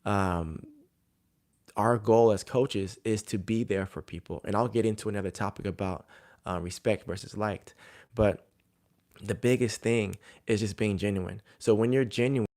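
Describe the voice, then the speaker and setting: Male coach, lowish voice, relaxed storytelling advice with lots of fillers. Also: normal speed. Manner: conversational, filler-heavy storytelling. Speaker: jump coach. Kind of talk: casual advice talk to coaches.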